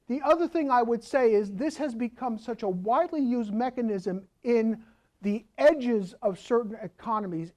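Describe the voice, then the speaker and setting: A woman's voice: mid-range voice, darkish tone. A woman, an accountant giving a conversational lecture that she explains with rhetorical questions and asides.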